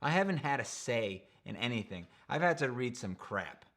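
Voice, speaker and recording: A man co-hosting a casual livestream from home, joking and easygoing. His voice sits at a middle pitch. He chats loosely with his co-host. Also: big pitch swings, moderate pace, a bit bright. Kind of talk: casual chat.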